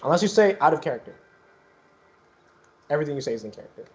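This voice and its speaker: A man's voice: fairly high pitch, sing-song, fast talker, rough recording. A young man running a tabletop game as game master, loose and joking, with lots of fillers.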